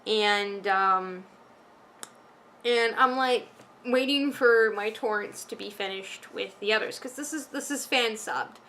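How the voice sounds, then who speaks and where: A woman's voice: fairly high pitch, takes it slowly, fairly bright tone, slight background noise. A woman vlogging from home, ranting casually with lots of restarts and fillers. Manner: rambling, frustrated, many restarts and fillers.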